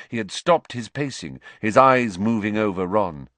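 A man narrating an audiobook in an expressive, measured way. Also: on the low side, no echo.

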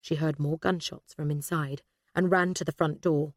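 Low-voiced woman narrating an audiobook. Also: steady tone, normal speed, no room sound, studio quality.

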